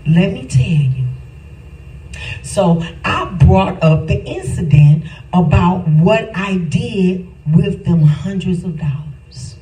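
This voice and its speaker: A middle-aged woman preaches a personal testimony in a slow, emphatic way that climbs into shouts. Her tone is soft and dark. She is recorded from a distance in a roomy church, with faint noise behind her. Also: on the low side.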